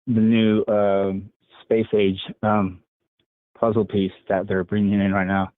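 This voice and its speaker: A man's voice: fairly low pitch, little pitch movement, dry recording. Rambling man on a tinny phone line. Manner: rambling, halting, lots of fillers and laughs. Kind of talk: casual storytelling on a call.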